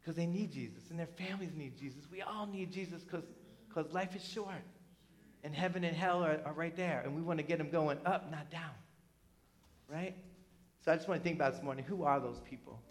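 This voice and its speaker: A middle-aged man from New Jersey preaching a sermon in a conversational, animated way, full of asides and tag questions. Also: on the high side, fairly quick. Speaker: pastor.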